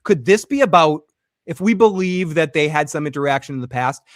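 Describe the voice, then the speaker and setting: A man's voice: a little high, a little fast, no room sound, clean studio sound. A man hosting a casual recap show, acting out characters' lines as he retells scenes. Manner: animated, acts out characters' lines while recapping. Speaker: podcast host.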